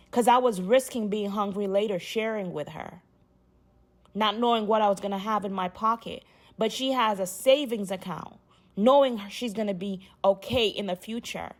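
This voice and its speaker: A young woman from Uganda, telling her own story in a rambling, heartfelt monologue full of restarts. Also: mid-range voice.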